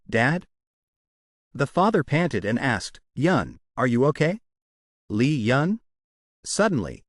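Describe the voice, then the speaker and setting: A man reading a comic story recap aloud in a steady, plain storytelling manner. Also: medium pitch, dry recording, studio quality. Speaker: manhwa recap narrator. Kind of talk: scripted story narration.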